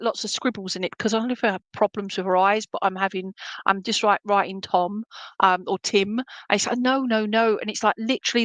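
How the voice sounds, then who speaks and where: A woman's voice: medium pitch, fairly bright tone, no room sound, rough recording. A middle-aged woman serving as a spiritualist medium, giving rambling, affectionate clairvoyant readings at an online church service, with many fillers and restarts.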